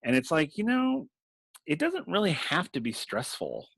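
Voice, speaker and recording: A man's voice: on the high side, wildly swooping pitch, normal speed, creaky, a bit bright, dry recording, low-quality recording. A man in casual chat about tabletop games, rambling with restarts and laughing often. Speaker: game master and podcast host.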